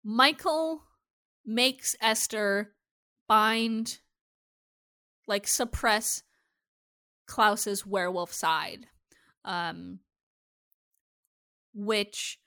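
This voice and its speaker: A woman's voice: medium pitch, very slow, long pauses, pushed and bright, smooth, dry recording, studio quality. A woman co-hosting a casual TV recap podcast, chatty and swearing freely as she acts out lines from the episode. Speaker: podcast co-host.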